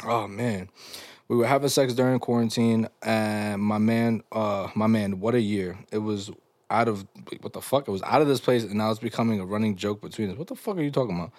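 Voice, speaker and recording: A man's voice: on the low side, brisk, a little mellow, no room sound, clean studio sound. A young man hosting a casual comedy podcast, reading listener stories aloud and reacting with crude slang and frequent laughter.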